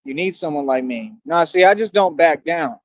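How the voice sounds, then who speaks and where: A man's voice: fairly high pitch, expressive, moderate pace, dry recording, lo-fi sound. A man live streaming, talking in an emphatic, repetitive, slangy ramble.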